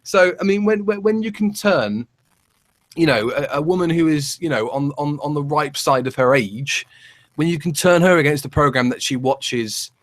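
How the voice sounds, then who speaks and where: A man co-hosting a casual chat show, telling rambling, animated stories with many restarts. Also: a little high, normal speed. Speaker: podcast co-host.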